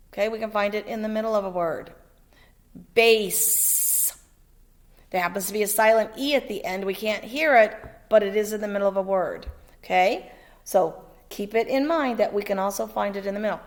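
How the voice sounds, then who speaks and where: A woman teaching a second-grade phonics lesson, sounding out letters slowly and clearly and encouraging her pupil. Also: medium pitch. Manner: slow, patient, over-articulates letter sounds; encouraging, checks in with "okay?".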